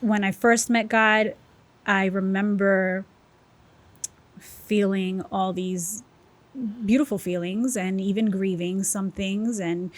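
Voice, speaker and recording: A woman as a podcast guest, telling her personal story in a candid, emotional, animated way. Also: mid-range voice. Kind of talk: personal testimony interview.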